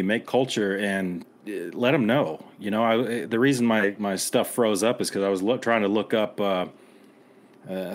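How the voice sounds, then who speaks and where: Middle-aged man, podcast co-host, low voice, angry and blunt with plenty of cursing. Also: a little slow. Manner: angry, blunt, swears, rallying listeners. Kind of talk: impassioned podcast commentary.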